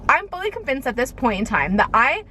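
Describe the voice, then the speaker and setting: A woman's voice: high-pitched, very animated, fairly quick, sharp tone, slight background noise. A young woman vlogger telling a rambling storytime, filling her talk with "like" and "okay". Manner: chatty, rambling, heavy use of "like" and "okay". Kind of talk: storytime vlog.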